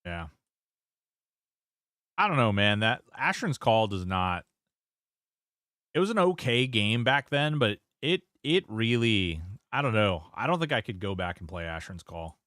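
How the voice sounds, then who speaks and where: A man's voice: on the low side, sing-song, unhurried, long pauses, a bit bright, no room sound, clean studio sound. A man streaming a game, chatting casually, reading chat aloud and swearing now and then. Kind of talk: casual gameplay commentary.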